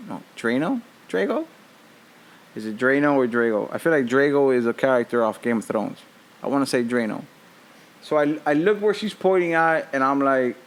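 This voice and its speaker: A man in his thirties tells everyday stories alone on his podcast, loose and profane, breaking into laughter. His voice sits a little high for a man. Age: 30s. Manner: profane, animated, laughing often. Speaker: podcast host. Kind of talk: casual storytelling monologue.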